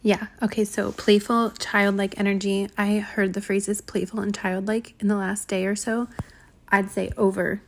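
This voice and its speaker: A woman reading and commenting on a channeled spiritual transmission, speaking haltingly with many ums and likes and a slightly shaky voice. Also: medium pitch, little pitch movement. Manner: halting, full of ums and likes, trips over words.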